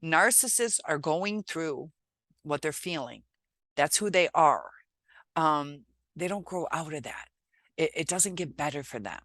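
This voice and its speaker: A woman vlogger talking to camera in a reflective, halting way, pausing often as she gives relationship advice. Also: low voice, expressive, fairly bright tone, dry recording. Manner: reflective, halting, many pauses and filler sounds. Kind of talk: casual advice talk to camera.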